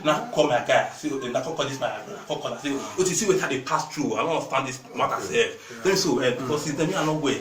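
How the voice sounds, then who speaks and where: Rambling young Nigerian man amid loud crowd. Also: mid-range voice, quick pace, few pauses. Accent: Nigerian Pidgin. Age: young adult. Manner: rambling, repeats "tell me so", often drops to a mumble. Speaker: interviewee recounting an ordeal. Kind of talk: street interview storytelling. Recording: echoey, distant mic, loud crowd.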